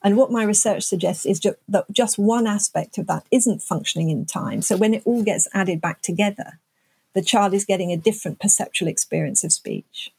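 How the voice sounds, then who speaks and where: Husky older woman explaining research. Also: medium pitch, normal speed, darkish tone, no room sound. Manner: thoughtful, explains with analogies. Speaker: neuroscientist guest. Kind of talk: explanatory interview answers.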